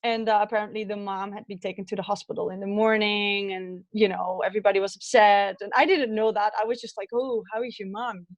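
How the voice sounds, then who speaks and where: A woman with a Dutch accent, a guest in an interview, telling childhood stories in an animated, chatty way. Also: mid-range voice, fast, few pauses, dry recording, dull audio. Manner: animated storytelling with laughs and acted childhood quotes. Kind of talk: conversational interview storytelling.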